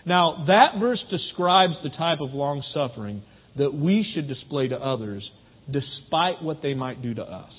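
A man with a husky, somewhat high voice preaches a sermon in a church sanctuary, animated yet unhurried, talking easily with his congregation and often putting questions to them. The recording sounds phone-like, with a long hall reverb.

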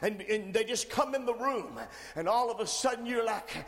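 Man, preacher, very high voice, sermon, swings from hushed to shouting, long reverb. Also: moderate pace, hardly any pauses. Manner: rises from quiet teaching to shouted preaching.

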